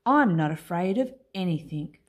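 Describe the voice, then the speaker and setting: A woman voicing a small young male monster who boasts loudly but is secretly scared of children. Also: expressive, moderate pace. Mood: boastful. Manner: proud and blustering, then squeaky when scared.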